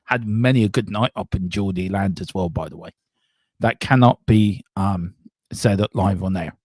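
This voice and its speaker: A man's voice: low voice, fairly even intonation, moderate pace, a little mellow, husky, dry recording, clean studio sound. Frank rambling male fan-show host. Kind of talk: casual fan talk show.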